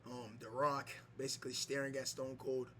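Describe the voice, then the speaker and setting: A man giving mock wrestling play-by-play over a video game, excitable, with many fillers and shouts on big moves. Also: medium pitch, normal speed, slight background noise. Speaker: gameplay commentator.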